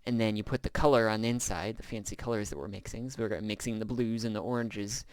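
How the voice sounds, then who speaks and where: A man's voice: on the low side, steady tone, fast talker, smooth, no room sound. A man giving casual, rambling gameplay commentary as he shows a build, with frequent filler sounds. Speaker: gameplay video host.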